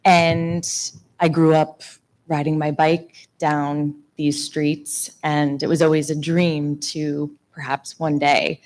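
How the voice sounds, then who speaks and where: Low-voiced woman addressing a town board. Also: level tone, slow pace, darkish tone. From Long Island, New York. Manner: earnest, fond and articulate. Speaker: resident speaking at public hearing. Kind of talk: public comment at town meeting. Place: town hall meeting room.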